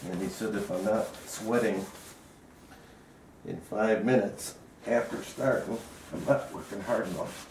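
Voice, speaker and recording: A man with a very deep voice talks slowly and plainly while working, pausing on fillers and sounding a little out of breath. He is recorded in a roomy, echoey workshop with a faint hiss behind him. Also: fairly even intonation, darkish tone. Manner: unhurried, plain-spoken, hesitant with fillers. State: out of breath from rubbing. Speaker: woodworker demonstrating finishing. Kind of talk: casual workshop narration. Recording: echoey room, faint noise.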